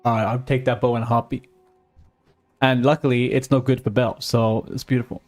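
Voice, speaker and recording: A man's voice: medium pitch, level tone, a little fast, darkish tone, faint music behind. A man streaming a video game live, chatting casually with teammates and viewers, joking and grumbling at the game. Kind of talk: casual live-stream chat while gaming.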